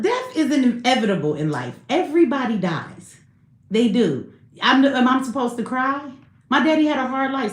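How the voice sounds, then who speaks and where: A woman's voice: fairly high pitch, roomy sound. A woman in her thirties hosting a casual live stream, talking candidly in slang and laughing often.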